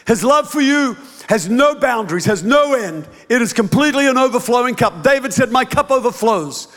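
A high-pitched man preaching a sermon in a large church hall. His voice rings with a long reverb. He tells stories with playful mimicry and shifts into emphatic preaching. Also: expressive, normal speed, fairly bright tone. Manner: storytelling with playful mimicry and chuckles. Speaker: pastor.

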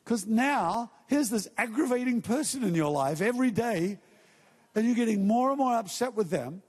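High-voiced preacher in a reverberant hall. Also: male voice, animated, normal speed, a little mellow, breathy edge. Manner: conversational preaching with acted-out quotes and asides. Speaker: pastor. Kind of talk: sermon.

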